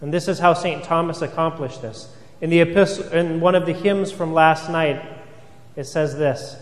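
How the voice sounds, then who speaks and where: A fairly high-voiced man preaches an earnest sermon, leaning on rhetorical questions and repetition. His voice carries through a reverberant church, with a long tail of echo after each phrase. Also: normal speed. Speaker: priest.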